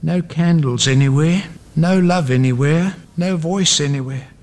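A man's voice: on the high side, measured pace, darkish tone. A man preaching a sermon, building up his points with dramatic repeated refrains. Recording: long hall reverb.

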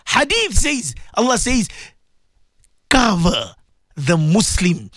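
A man's voice: sits high, no room sound. A man presenting a religious radio talk show, speaking passionately and repeating himself as he addresses his listeners directly.

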